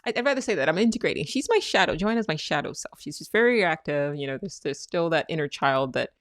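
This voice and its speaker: A woman with a lowish voice hosts her own podcast in a dry, close sound. She talks through spiritual self-help ideas in a casual, candid way, swears without a second thought and laughs easily at herself. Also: animated, fast talker, no room sound. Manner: candid, blunt, swears freely, reflective. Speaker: podcast host.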